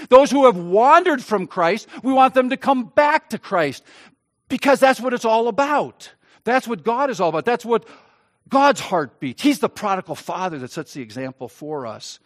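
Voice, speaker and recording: A man pastor preaching a sermon, swinging between loud, emphatic stretches and quiet, soft ones. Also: high-pitched, big pitch swings, moderate pace.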